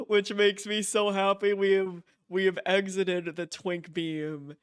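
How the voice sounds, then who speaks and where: A young man streaming live from home, gushing and excited, repeating himself and laughing often. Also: high-pitched, slow pace, clear, resonant tone, no echo, studio quality. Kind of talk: casual live-stream chat.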